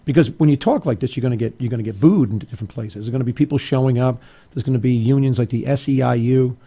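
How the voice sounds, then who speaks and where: A man's voice: medium pitch, warm tone. A man hosting a political talk show, arguing emphatically and going off on asides and restarts. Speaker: radio talk show host. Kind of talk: opinionated political commentary.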